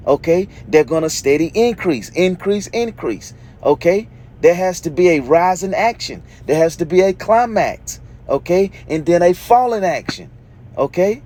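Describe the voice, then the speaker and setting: A man's voice: fairly high pitch, warm tone. Emphatic man preaching from scripture. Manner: emphatic, repeats "okay?" often, reads scripture aloud then explains. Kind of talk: scripture teaching sermon.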